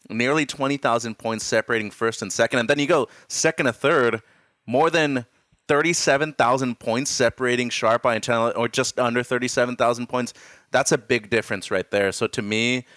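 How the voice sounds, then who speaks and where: Male analyst, smooth clear voice, loose rambling chat with fillers, dry sound. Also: medium pitch, a bit bright, no echo. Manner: rambling, filler-laden, upbeat. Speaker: co-host analyst.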